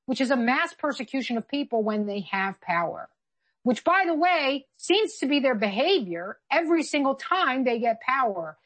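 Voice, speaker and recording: A woman's voice: high-pitched, big pitch swings, normal speed, fairly bright tone. A woman co-hosting a political commentary chat, talking in an emphatic, argumentative way. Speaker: co-host.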